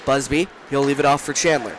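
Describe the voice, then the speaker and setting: A young man calling a hockey game from a rink booth, talking fast, shouting during rushes and often correcting himself. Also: medium pitch, noisy background. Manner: rapid, rising to shouts during rushes, with frequent self-corrections. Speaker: play-by-play commentator. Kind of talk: live hockey play-by-play commentary. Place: broadcast booth at an ice rink.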